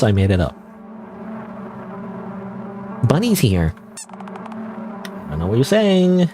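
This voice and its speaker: A man streaming a video game, chatting casually and rambling with lots of "like" and "you know". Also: sits low. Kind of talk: casual let's-play commentary. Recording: game music playing under voice.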